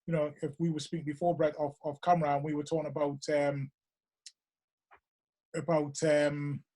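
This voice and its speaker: This podcast host from North East England speaks with a Geordie accent while hosting a casual interview. He rambles and hesitates, restarting sentences and saying "you know" a lot as he talks things through. His voice is a little high and warm, with little pitch movement and a moderate pace.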